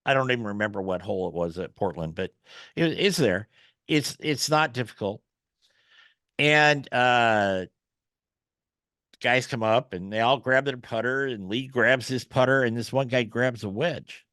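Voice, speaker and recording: A man's voice: medium pitch, measured pace, fairly bright tone, dry recording. Man, podcast host, folksy storyteller, video call, dry close sound. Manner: folksy storyteller, many fillers and restarts. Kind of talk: casual interview chat.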